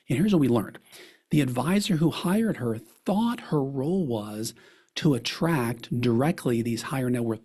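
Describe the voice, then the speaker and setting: This is a man presenting a coaching webinar, talking in a lively, persuasive, folksy way and often asking his listeners questions. His voice is mellow and a little husky, sitting at an ordinary pitch for a man. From Texas. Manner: energetic, persuasive, folksy teaching tone with rhetorical questions.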